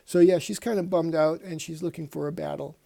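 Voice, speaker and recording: A man's voice: a little high, steady tone, fairly quick, gravelly, warm tone. A man hosting a casual comic book review show, rambling and reading panels aloud in put-on voices.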